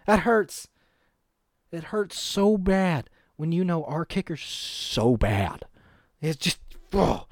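A chatty man riffs in a loose, profane way and breaks into laughs between thoughts. His voice sits a little high for a man. The sound is dry and close, with no room around it. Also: sing-song, slow pace, long pauses, no room sound. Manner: profane, rambling, laughs often. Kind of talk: casual crude commentary.

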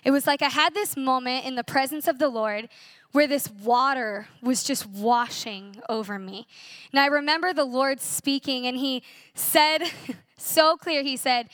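A woman's voice: high-pitched, measured pace, fairly bright tone, dry recording, clean studio sound. A young woman in her twenties sharing an earnest, emotional personal testimony at a church conference, telling her story with animation.

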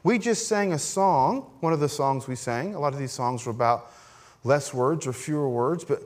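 A man's voice: mid-range voice, normal speed, darkish tone. A middle-aged man preaching as a pastor, in a conversational, self-deprecating way with frequent "right?" asides. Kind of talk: sermon.

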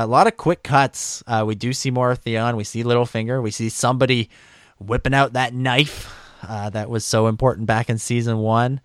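A man co-hosting a casual podcast chat, his speech full of fillers and restarts. His voice sits at an ordinary pitch and sounds close and dry, with no room around it. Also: clear, resonant tone, no room sound. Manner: hesitant, many fillers and restarts. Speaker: podcast co-host. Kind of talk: casual discussion.

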